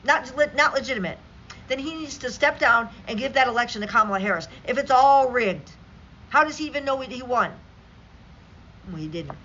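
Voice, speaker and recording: A woman's voice: high voice, expressive, moderate pace, fairly bright tone, slight background noise. A woman vlogger reading news stories aloud and ranting about them in an angry, sarcastic, profane way, on dull lo-fi audio. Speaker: political commentary vlogger.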